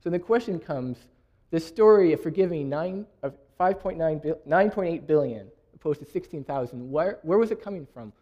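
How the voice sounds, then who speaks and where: A man's voice: a little high, animated, moderate pace, lo-fi sound. A young man from Canada giving a sermon, reading scripture aloud and laughing often. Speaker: preacher.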